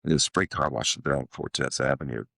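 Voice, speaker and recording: A man's voice: a bass voice, fairly quick, vocal fry, bright, forceful tone, no room sound. A man in his seventies, a guest in an interview, telling stories in a rambling, casual way with many restarts and quoted dialogue. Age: 70s. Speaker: guest, author and motivational speaker.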